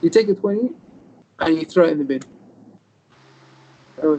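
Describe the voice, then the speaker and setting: Man, rabbi, Torah lesson over video call, high pitched, gravelly texture. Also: moderate pace, pauses often, low-quality recording. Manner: animated storyteller, acts out quoted dialogue, mixes in Hebrew terms. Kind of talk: informal Torah lesson with storytelling.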